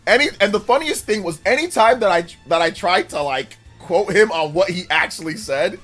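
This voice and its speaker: A man hosting a live stream, chatting in an animated, mocking way with quick bursts of speech. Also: high-pitched, faint music behind. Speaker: streamer host. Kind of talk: live stream commentary chat.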